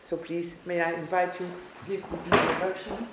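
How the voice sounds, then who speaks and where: A woman's voice: on the low side, level tone, normal speed. A woman chairing a conference session, introducing the next speaker formally with some hesitant fillers. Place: large lecture hall. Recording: echoey hall with noise.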